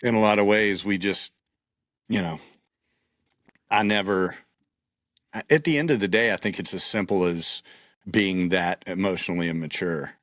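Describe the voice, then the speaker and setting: A man in his fifties hosting a podcast, chatting in a relaxed, self-deprecating way. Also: low voice, normal speed, long pauses, no echo. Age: 50s. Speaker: podcast host. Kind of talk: casual conversation.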